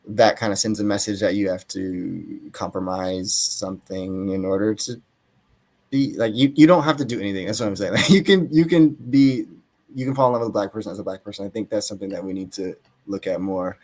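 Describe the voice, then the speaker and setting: A man's voice: on the low side, a little fast, darkish tone. A young man from Atlanta, Georgia, losing his voice, talking thoughtfully in an interview as an author guest, with many fillers and hedges. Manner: thoughtful, hedging, frequent fillers. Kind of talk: casual interview talk.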